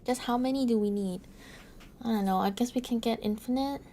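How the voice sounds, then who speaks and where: A woman's voice: on the high side, a little fast, warm tone, slight background noise. A young adult woman streaming a game, musing and hesitating with frequent "um"s as she plays. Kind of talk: casual gameplay commentary.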